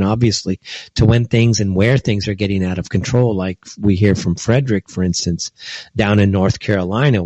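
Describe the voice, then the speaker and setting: Rambling man, low voice. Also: darkish tone, dry recording. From California. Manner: rambling, leans on fillers and acted-out asides. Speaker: commentator. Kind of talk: casual rambling monologue. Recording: dull, dry lo-fi recording.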